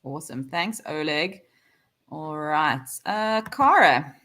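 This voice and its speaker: A woman's voice: low voice, lively intonation, slow pace, fairly bright tone. A middle-aged South African woman hosting a live online panel over a video call, chatty, with many fillers. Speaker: host.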